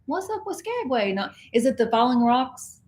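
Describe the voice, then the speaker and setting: A woman's voice: sits high, sing-song, normal speed, a little mellow. A middle-aged woman from Texas co-hosting a casual cruise livestream, chatting and greeting viewers by name. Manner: chatty, reads out viewer comments and greets them. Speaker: co-host of a cruise channel livestream.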